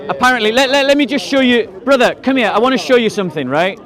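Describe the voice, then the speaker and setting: In a park, with a crowd of onlookers around him, a street debater challenges the crowd in an open-air debate. His very high-pitched voice is expressive, fast and a bit bright as he fires pointed questions and mocks his opponents.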